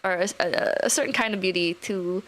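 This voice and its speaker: A woman's voice: lowish voice, fairly quick, fairly bright tone. A young adult woman streaming live, rambling casually, swearing now and then, and reading out chat messages.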